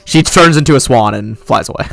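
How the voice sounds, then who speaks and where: A man narrating as game master of a live tabletop game, relaxed with many fillers. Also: medium pitch, fairly quick, vocal fry.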